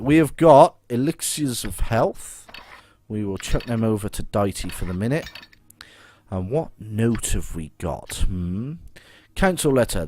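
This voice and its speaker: A man's voice: medium pitch, a little mellow. A man giving casual commentary on a game and reading its dialogue aloud. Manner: chatty, reads game dialogue aloud in a light playful tone. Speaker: let's play host.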